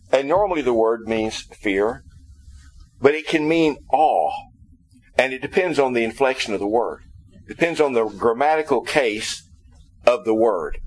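A man's voice: mid-range voice, poor audio. A man preaching a Sunday sermon in a conversational way, explaining the meanings of Greek words. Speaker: pastor.

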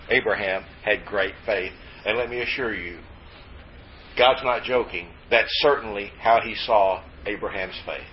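A man preaching a sermon in a folksy, joking manner with lively emphasis and asides. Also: fairly low pitch, slight background noise. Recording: slightly dull lo-fi recording with faint ambience.

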